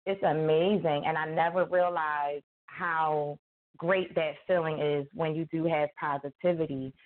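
A woman's voice: deep voice, unhurried. A woman author chatting casually, telling stories and acting out quoted lines with laughter. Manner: animated storyteller, acts out quotes, laughs often. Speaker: guest author. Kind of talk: casual chat. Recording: tinny phone-like line.

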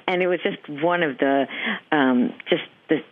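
A middle-aged woman from New England, a voice actress chatting as an interview guest, animated and laughing often, with many restarts. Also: deep voice, a little slow. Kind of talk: casual interview chat. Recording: tinny phone-line audio.

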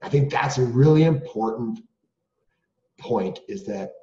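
A middle-aged man, a guest, telling his own story in an earnest and animated way, full of restarts and rhetorical questions. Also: mid-range voice, measured pace, a crowd in the background. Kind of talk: candid storytelling. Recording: roomy, dull lo-fi sound.

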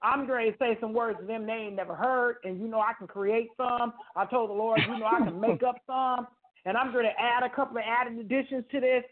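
A woman's voice: fairly high pitch, fairly even intonation, brisk. A woman in her fifties giving an emphatic, preacherly spiritual testimony on talk radio, repeating phrases and speaking colloquially. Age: 50s. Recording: phone-like narrow sound.

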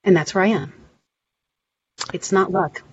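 A woman's voice: mid-range voice, unhurried, a little mellow, slightly rough, no room sound. A middle-aged woman, a guest on a podcast interview, telling her story earnestly and acting out quoted voices. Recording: slightly dull audio with faint hiss.

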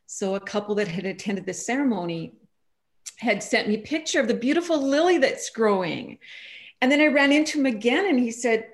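A woman, a guest author on an online radio show, telling personal stories in a casual, animated way and acting out the quoted voices. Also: on the high side, moderate pace. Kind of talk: casual interview chat.

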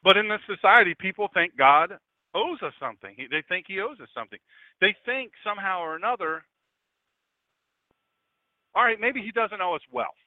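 A man's voice: high voice, expressive, normal speed, pauses often, no echo. A man in his fifties from Delaware, a pastor preaching a conversational radio sermon with chatty, joking asides to his audience. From Delaware, USA. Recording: dry, tinny phone-like sound.

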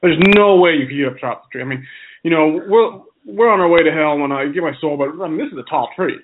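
A man's voice: a little high, quick pace, slight background noise, close to an everyday voice. A man voicing a stingy male drunkard trickster who talks in a coaxing, wheedling way, heard over a phone-like narrow line.

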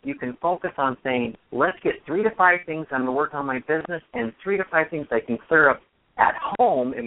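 A man who works as a business consultant, giving earnest advice in a casual panel discussion. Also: medium pitch. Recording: tinny phone line with faint noise.

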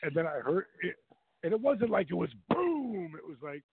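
A man's voice: high voice, moderate pace, gravelly, husky, dry recording. A middle-aged man hosting a radio show, telling stories casually and animatedly, with restarts and acted-out quotes. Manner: animated anecdote-telling, acts out voices in quotes. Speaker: show host. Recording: dry, phone-like narrow sound.

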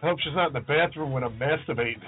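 Podcast co-host, man, animated anecdote teller, slightly high voice, tinny phone-quality sound. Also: very noisy. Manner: animated storyteller, acts out quoted voices. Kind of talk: casual chat. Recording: tinny phone-like audio with faint music.

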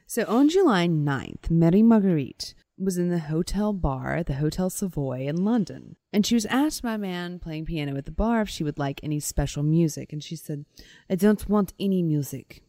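A woman's voice: lowish voice, lively intonation, normal speed, hardly any pauses, warm tone, no echo. A woman co-hosting a podcast, telling a story in casual chat and acting out quotes with playful voices. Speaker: podcast co-host.

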